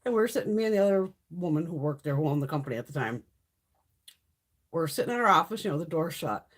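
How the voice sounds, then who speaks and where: A woman's voice: deep voice, lively intonation, fast. A middle-aged woman hosting a live stream, chatting casually and bluntly with lots of swearing while answering viewer comments. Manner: profane, blunt storytelling, reads chat comments. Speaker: livestream host.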